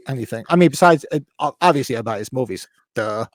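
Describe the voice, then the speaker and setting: Animated man rambling in casual chat. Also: medium pitch, quick pace, no echo, studio quality. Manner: rambling, self-interrupting, swears casually. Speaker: podcast co-host.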